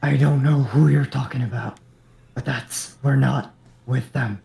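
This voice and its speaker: A man voicing a young warrior who speaks firmly and urgently to calm strangers. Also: mid-range voice, measured pace, vocal fry. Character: commanding young male warrior calming strangers.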